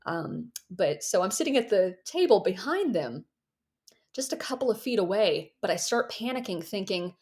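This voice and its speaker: Animated woman telling a story. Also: medium pitch, normal speed. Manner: animated, self-mocking, acts out voices in her anecdotes. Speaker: guest, author and ex-Jehovah's Witness activist. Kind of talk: casual storytelling in a podcast interview.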